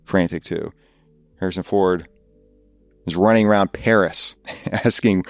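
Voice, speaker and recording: Low-voiced man riffing on a podcast. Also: unhurried, no room sound, soft background music. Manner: rambling, laughs at his own jokes. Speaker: podcast host. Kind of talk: comedic podcast monologue.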